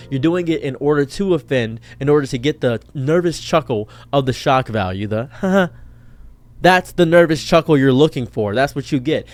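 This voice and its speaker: A young man giving a reaction commentary in an exasperated rant, swinging between loud outbursts and muttered asides. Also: medium pitch, dry recording. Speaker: commentary streamer.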